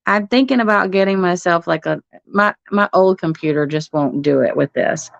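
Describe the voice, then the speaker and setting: A woman's voice: fairly low pitch, moderate pace, creaky, no room sound. A middle-aged woman, hosting a casual livestream from her phone at home, laughing often and swearing casually. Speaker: livestream host. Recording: muffled phone stream audio.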